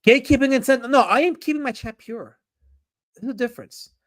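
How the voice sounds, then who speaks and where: A man live-streaming, reading chat comments aloud and talking about comics in an animated, jokey way. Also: extremely high pitch, fairly quick.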